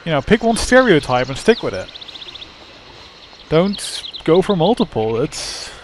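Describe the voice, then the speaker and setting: A man's voice: on the high side, sing-song, unhurried, a little hiss or hum. A man commentating on a game he plays, sounding baffled, sarcastic and rambling. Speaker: gamer commentating. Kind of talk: let's play commentary.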